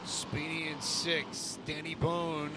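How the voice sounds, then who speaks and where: Easygoing color commentator over loud engines. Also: male voice, on the high side, completely flat delivery, very noisy. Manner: easygoing, measured analysis. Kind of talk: live racing commentary.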